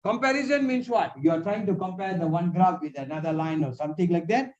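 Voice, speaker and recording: A man's voice: sits high, fast, darkish tone. A man tutoring over a video call, patiently explaining grammar and often checking with "huh?" and "you see". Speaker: English tutor. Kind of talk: one-on-one online lesson. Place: personal meeting room, indoors. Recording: dull lo-fi video call audio.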